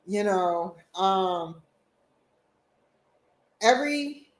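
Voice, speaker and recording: Slow, halting woman telling a personal story. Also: medium pitch, animated. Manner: halting, repetitive, emotional retelling with restarts. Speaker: vlog host. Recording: roomy echo.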